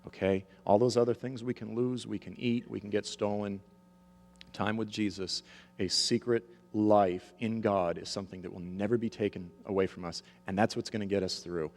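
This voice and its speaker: A man's voice: lowish voice, little pitch movement, moderate pace. A man in his thirties or forties preaching a sermon emphatically, checking the audience's agreement, in a large hall with long reverb. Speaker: preacher and author.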